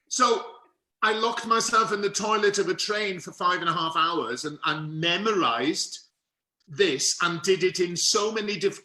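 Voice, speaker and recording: Bright, theatrical storytelling man. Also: on the high side. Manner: lively, theatrical storyteller with quick asides. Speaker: guest actor. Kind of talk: anecdotal interview storytelling. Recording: roomy echo.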